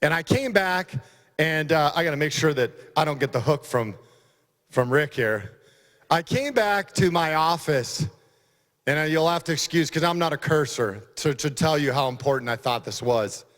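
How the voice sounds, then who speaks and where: A man's voice: on the high side, animated, moderate pace, fairly bright tone. A middle-aged man, a county sheriff, giving an emphatic, folksy conference speech. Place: conference hall. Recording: long hall reverb.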